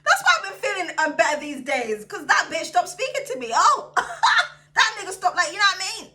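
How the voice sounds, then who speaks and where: A sassy, chatty woman giving a tarot reading, her voice high and bright. She swears freely, calls her viewers darling, and swings between excited outbursts and low, soothing asides. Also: fairly quick. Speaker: tarot reader. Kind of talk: casual tarot reading to camera.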